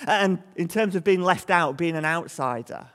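A man gives an all-age sermon in a church, and his fairly high voice rings with a long echo off the walls. He tells small everyday stories and briefly acts out the voices of people in them. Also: moderate pace. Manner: lively storytelling, acts out voices of scolding parents and children. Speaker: preacher.

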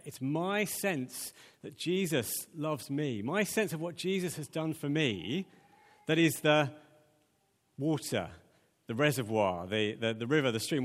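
A man preaching a conversational sermon, with plenty of ums and repeated words. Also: a little high. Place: church. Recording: long church hall reverb.

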